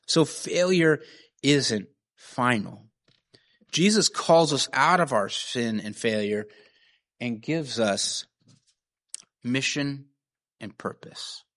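Male pastor, mid-pitch, earnest and chatty sermon delivery. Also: takes it slowly, long pauses, fairly bright tone. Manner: earnest, conversational, frequent "right?" and "you know".

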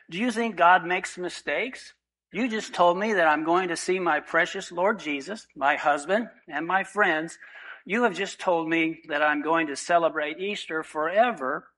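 A man's voice: fairly high pitch, rough recording. A man voicing a cheerful, devout elderly woman. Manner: earnest, warmly insistent.

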